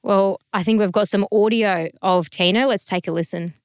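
A woman's voice: medium pitch, steady tone, normal speed, background noise. A woman hosting a sports podcast, upbeat and steering the talk with questions. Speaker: podcast host. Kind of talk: casual sports chat. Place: podcast studio.

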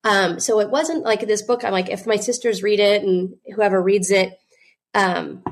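A woman's voice: medium pitch, moderate pace. A woman guest and business owner telling her story earnestly, with frequent "you know" fillers. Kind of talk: candid interview storytelling.

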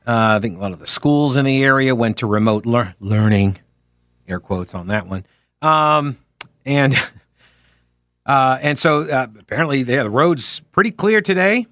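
A man's voice: mid-range voice, expressive, unhurried, a bit bright, no room sound, clean studio sound. A man hosting a talk radio show, chatting casually with lots of fillers and slipping into sarcastic rants. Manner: sarcastic, ranting, many fillers. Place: radio studio. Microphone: studio microphone.

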